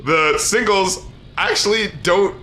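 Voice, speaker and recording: A man co-hosting a podcast, reviewing an album in casual chat, animated, laughing often and swearing freely. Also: high voice, measured pace, soft background music. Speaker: podcast co-host.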